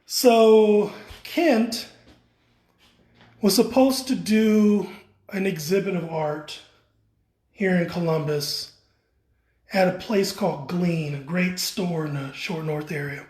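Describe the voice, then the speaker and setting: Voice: medium pitch, fairly even intonation, takes it slowly, long pauses, darkish tone. Enthusiastic gallery guide, casual walking-tour chatter, indoor exhibit. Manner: enthusiastic, chatty, playful exclamations.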